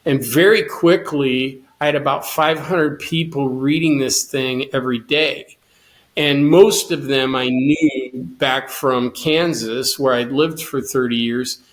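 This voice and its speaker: A man's voice: medium pitch, steady tone, takes it slowly, a little hiss or hum. A middle-aged man, a guest on an interview show, telling his story earnestly and quoting his own past thoughts. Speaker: guest, cancer survivor and swimmer.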